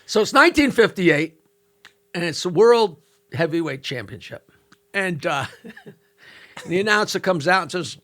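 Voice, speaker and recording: An older male comedian, a guest, telling stories in casual chat with animated joke-telling and quick asides. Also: high-pitched.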